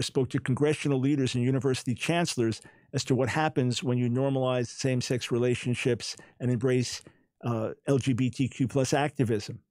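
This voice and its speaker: A man's voice: medium pitch, darkish tone, no echo. A man hosting a talk show, speaking in an emphatic, incredulous monologue and often repeating words as he makes his points. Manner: speaks with a smile, not taking it personally.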